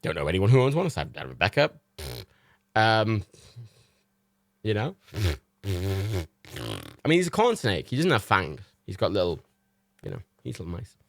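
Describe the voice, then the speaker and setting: A young man hosting a livestream, telling rambling anecdotes in casual chat, animated and full of swearing. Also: fairly low pitch, normal speed, vocal fry, long pauses, dry recording, studio quality. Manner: animated storytelling with swearing and quoted voices. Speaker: livestream host.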